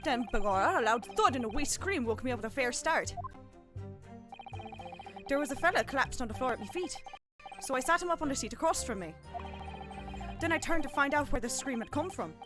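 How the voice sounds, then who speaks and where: A woman's voice: sits high, animated, a little fast, long pauses, voice pushed up. A woman voicing a jovial middle-aged Irish man in a lilting put-on accent, reading game dialogue on a stream. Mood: earnest. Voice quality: lilting, folksy turns of phrase. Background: background music.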